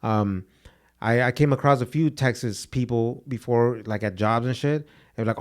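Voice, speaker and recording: A man's voice: mid-range voice, moderate pace. Young man telling stories casually. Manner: loose, slangy storytelling with "dude" and Spanish words. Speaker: podcast co-host. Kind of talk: casual podcast chat.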